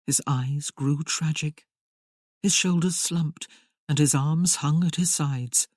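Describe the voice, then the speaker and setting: A woman reading a period romance aloud as narrator, in an unhurried, expressive storytelling manner. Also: deep voice, no room sound, clean studio sound. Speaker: audiobook narrator. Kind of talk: scripted narration.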